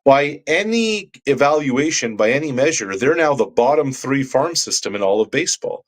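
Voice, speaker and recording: A man's voice: mid-range voice, expressive, normal speed, hardly any pauses. A man co-hosting sports talk radio, ranting with passion and firing rhetorical questions.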